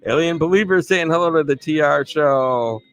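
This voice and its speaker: A man's voice: on the high side, normal speed, over music. A man hosting a live stream, greeting viewers by name in an upbeat, chatty way and laughing often. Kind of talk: casual live stream shout-outs.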